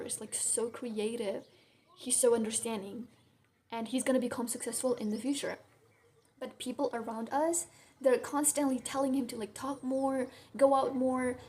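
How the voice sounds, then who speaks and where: Young adult woman, vlogger, higher voice, blunt and sweary, casual venting, faint background hiss. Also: a little mellow. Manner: blunt, swears a lot, heavy use of "like".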